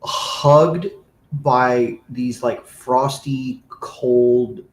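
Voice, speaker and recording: A man's voice: mid-range voice, drawn-out words, reverberant, poor audio. A man narrating a tabletop game as game master, loose and full of fillers.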